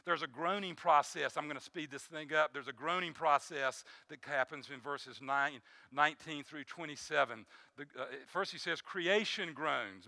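A man delivering a sermon from the pulpit, his voice pitched high with a gravelly edge. He pushes phrases with bright force, then sinks to a hushed low tone on the points he wants to land. The sound is dry and close. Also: no room sound. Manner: preaching with rising emphasis and many restarts; drops to a soft low voice on key phrases. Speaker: pastor.

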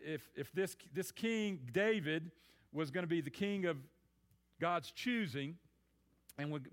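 A man's voice: fairly high pitch, fairly bright tone. A man preaching a sermon on a psalm in a conversational way, often repeating words as he thinks aloud.

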